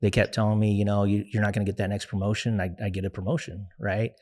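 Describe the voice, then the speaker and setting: A young man speaks as an interview guest in a lowish, steady voice. He talks in an earnest, reflective way, pausing often and filling gaps with fillers as he tells his story.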